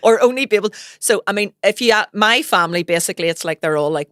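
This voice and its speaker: A woman's voice: mid-range voice, animated, fast talker, fairly bright tone, no room sound, clean studio sound. A woman with a Northern Irish accent hosting a podcast, laughing often and telling stories chattily. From Northern Ireland. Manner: giggly, chatty storyteller. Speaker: podcast host. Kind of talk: casual chat.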